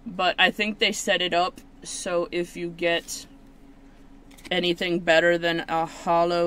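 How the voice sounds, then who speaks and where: Slow rambling woman opening trading cards. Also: a little hiss or hum. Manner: rambling, self-mocking, with sudden high excited squeals. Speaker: channel host. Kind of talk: casual card-opening video.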